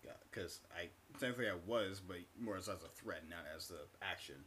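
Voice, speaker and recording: A man's voice: low-pitched, fairly quick, a bit bright, a little hiss or hum. A young man in casual chat with friends, joking loosely, swearing and laughing often.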